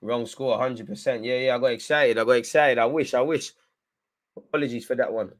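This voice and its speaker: A young man giving excitable live fan commentary on a football match, urging players on and swinging between frustration and hype. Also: mid-range voice, brisk.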